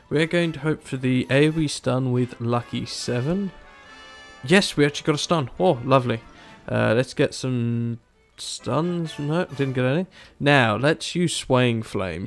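A young man casually commentating over his gameplay, animated and exasperated, acting out his own reactions. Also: medium pitch, creaky. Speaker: gaming YouTuber. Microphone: desktop mic, no camera.

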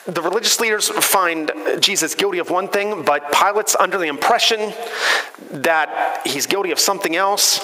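A man pastor preaching a sermon in a conversational, animated storytelling way, in a church sanctuary. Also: sits high, normal speed. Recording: church hall reverb.

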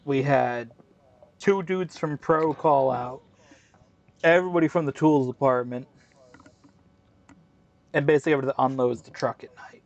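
A man's voice: medium pitch, normal speed, pauses often, muffled recording. A man hosting a gaming video, telling a long story in casual, profane chat full of slang fillers. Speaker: gaming channel host. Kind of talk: casual chat while racing in a game.

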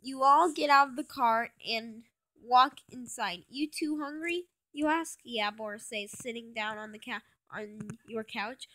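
A woman's voice: a little high, measured pace, bright, forceful tone. A young woman reading her own fan story aloud, stumbling and restarting often. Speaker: fan fiction reader.

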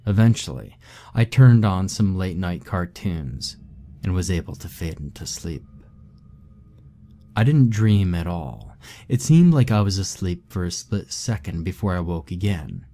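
Slow and even, a deep-voiced narrator works through a scary tale told from his own point of view. The mellow tone stays somber and steady throughout, never loosening its hold.

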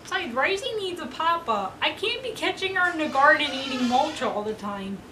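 A woman's voice: high-pitched, very animated, normal speed, background noise. A woman coaxing a baby in a casual home video, in a sing-song, playful way. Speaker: mother filming her baby.

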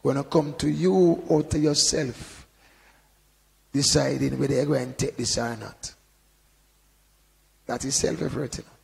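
Gravelly man preaching in a reverberant hall. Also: medium pitch, fairly even intonation, unhurried, long pauses. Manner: conversational preaching with frequent "you know" and sudden loud emphasis. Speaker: Bible teacher. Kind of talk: informal sermon.

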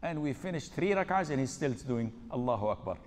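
A man's voice: mid-range voice, expressive, fairly quick, darkish tone, slight background noise. A male preacher giving a humorous question-and-answer talk, acting out the dialogues in his stories. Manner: acts out dialogues in storytelling. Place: Islamic center lecture hall. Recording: long hall reverb.

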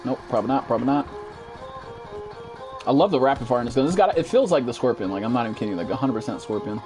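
Rapid-fire and foul-mouthed, a twenty-something streamer narrates his shooter gameplay live, breaking into squeaky, high-pitched outbursts. Music runs behind him.

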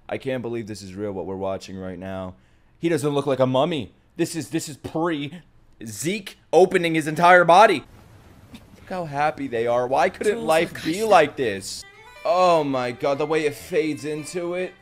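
A young man commenting on an anime episode as he watches it, often shouting, laughing and swearing. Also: a little high, moderate pace, soft background music. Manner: loud excited outbursts and laughter, swearing. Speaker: anime reaction YouTuber. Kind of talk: excited reaction commentary.

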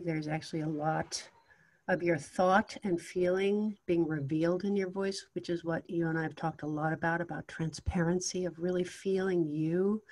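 A woman's voice: lowish voice, darkish tone. Encouraging female voice coach. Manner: encouraging, articulate feedback. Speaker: voice and acting coach. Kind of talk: giving vocal coaching.

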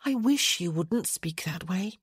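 An earnest young noblewoman who keeps coaxing and insisting, as a woman reader puts her on. The voice is husky and low-set but swings freely in pitch. The sound is close and dry, like a storybook reading. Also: lively intonation, measured pace, no room sound, exaggerated voice.

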